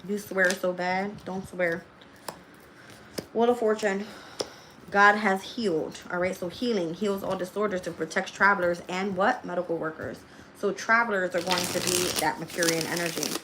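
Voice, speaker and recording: A woman's voice: fairly low pitch, steady tone, moderate pace. Woman doing a tarot live stream, chatty and loose, cusses a lot, bit of background noise. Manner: chatty, laughs often, swears freely; talks loosely with slang. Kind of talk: casual live-stream tarot reading, reading chat aloud.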